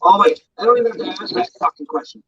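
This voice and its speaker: A man's voice: very high-pitched, quick pace, vocal fry, pushed and bright, husky. A man ranting angrily and profanely as co-host of an online talk show, speaking from his bedroom. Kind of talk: angry political rant. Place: bedroom at home. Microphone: distant from mic. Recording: dull lo-fi audio.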